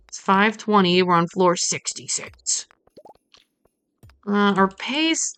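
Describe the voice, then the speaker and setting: A woman's voice: mid-range voice, lively intonation, unhurried, bright, forceful tone, smooth, no room sound, soft background music. A woman streaming a farming game, chatting playfully and muttering to herself as she plays. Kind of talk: casual gameplay commentary.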